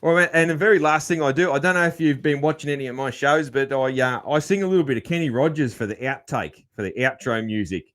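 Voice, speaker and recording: A man hosting a podcast interview, relaxed and laughing easily, with plenty of fillers. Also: medium pitch, fast talker, hardly any pauses. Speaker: podcast host. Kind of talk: casual interview chat.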